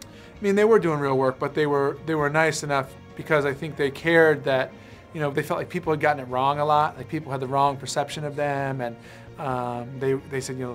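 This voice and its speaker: A man's voice: a little high, fairly even intonation, a little fast, soft background music. A man in his thirties, an actor chatting in a casual interview, rambling with many fillers and restarts. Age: 30s. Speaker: actor promoting a film.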